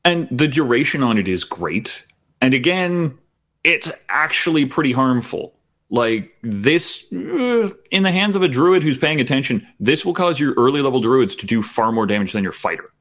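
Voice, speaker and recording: Wry, animated podcast co-host man. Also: medium pitch, normal speed. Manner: wry, agreeable, laughs often. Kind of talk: casual chat about tabletop games.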